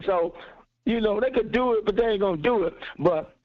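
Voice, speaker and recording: A fired-up caller phones in to a sports talk show, insistently repeating his points again and again. His voice sits high and runs a little fast, with no room sound, though the phone-in audio is dull and lo-fi.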